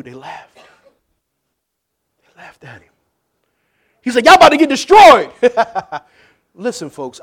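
High-voiced pastor preaching with loud-soft swings. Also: male voice. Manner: lively preaching, swings from loud jokes to hushed questions. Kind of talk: sermon.

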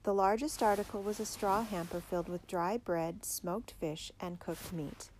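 A woman narrating a children's biography aloud in a steady, clear storytelling manner. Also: mid-range voice, moderate pace, a little hiss or hum. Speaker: audiobook narrator.

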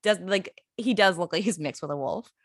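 A woman's voice: on the low side, normal speed, no room sound, clean studio sound. A young woman co-hosting a casual podcast chat, blunt and profane, telling stories with lots of energy. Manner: blunt, profane, animated storytelling. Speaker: podcast co-host.

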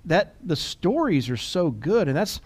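A man co-hosting a podcast in casual chat, quick and animated, often restarting and repeating words. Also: on the high side, breathy edge. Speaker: podcast co-host.

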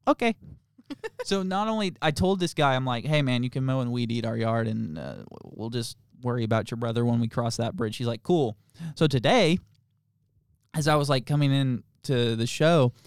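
A man's voice: mid-range voice, clear, resonant tone, no echo, clean studio sound. A man co-hosting a podcast in casual chat, rambling through stories with lots of fillers and frequent laughter. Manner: rambling, laughs often, filler-heavy storytelling. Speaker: podcast co-host.

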